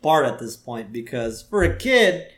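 A man's voice: medium pitch, sing-song, a bit bright. Laughing man on a roomy podcast mic. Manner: laughs often, quotes lines in a quick voice. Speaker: podcast co-host. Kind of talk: casual chat recapping a cartoon episode. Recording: roomy echo.

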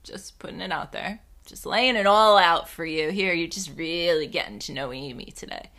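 A young woman with a bright, forceful voice tells a story in a casual monologue. She is animated and self-mocking and swears freely, and her tone stays sharp throughout. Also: fairly low pitch, moderate pace.

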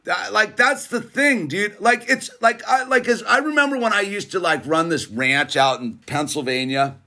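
A middle-aged man hosting his own channel, giving a casual motivational monologue in a slangy, laid-back way, speeding up and slowing down for emphasis. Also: sits high. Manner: laid-back slangy, keeps saying "dude"; animated, swings between fast bursts and slow emphasis. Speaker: channel host.

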